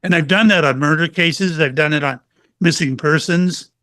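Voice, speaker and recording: Animated middle-aged man telling stories. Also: on the high side, normal speed, dry recording. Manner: animated storyteller, acts out quotes. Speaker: psychic medium guest. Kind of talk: casual interview storytelling.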